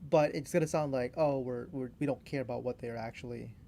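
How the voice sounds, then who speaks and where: A man's voice: medium pitch, steady tone, fairly quick, gravelly, dark tone, a little hiss or hum. A young man co-hosting a podcast, talking casually and hesitantly, with many fillers. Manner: loose and hesitant, lots of "like" and "you know". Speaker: podcast co-host. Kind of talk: casual chat.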